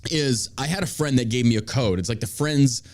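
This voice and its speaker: A man's voice: mid-range voice, a little fast, darkish tone. A man hosting a casual talk show, ranting with energy and mocking people in put-on voices. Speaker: podcast host. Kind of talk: casual profane chat.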